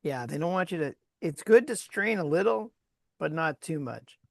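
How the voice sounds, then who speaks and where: Woman co-host, gravelly low-ish voice, lively storyteller, dry close sound. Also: normal speed, dry recording. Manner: lively storyteller who laughs often. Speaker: podcast co-host and former sports agent. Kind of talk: casual sports chat.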